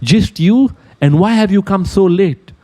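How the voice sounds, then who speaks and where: A man's voice: sits high, unhurried, warm tone, pitched above the performer's own voice. A man playing a raised, indignant lion king. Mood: suspicious. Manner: indignant, boastful outbursts. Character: proud, hot-tempered male lion king.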